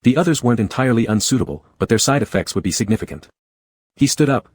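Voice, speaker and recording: Male narrator for a story read-through, low, husky, dry close sound. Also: animated, fast talker, dry recording.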